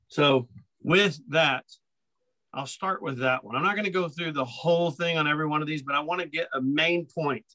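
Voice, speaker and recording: A man co-hosting a podcast, walking through Bible passages in a relaxed teaching tone. His voice is bright, forceful and fairly high for a man. He hammers key phrases by repeating them. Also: low-quality recording. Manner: emphatic, repetitive, reads scripture aloud. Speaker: podcast co-host.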